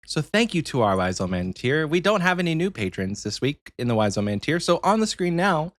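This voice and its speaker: Lively, animated male podcast host. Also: on the high side, a little fast, no echo. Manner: animated and playful, teasing his co-host. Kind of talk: casual podcast chat.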